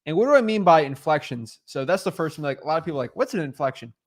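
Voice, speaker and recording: A young man with a slightly high voice coaches in a loose, animated way. He breaks into mock sales pitches to make his point and keeps the tone casual. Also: rapid-fire. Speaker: co-host, real estate wholesaler.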